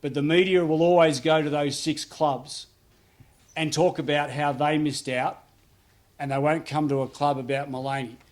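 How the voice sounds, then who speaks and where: A man's voice: fairly high pitch, steady tone, normal speed. A man with an Australian accent giving a conversational public speech as a politician, joking and using many fillers. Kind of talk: public speech at an outdoor opening.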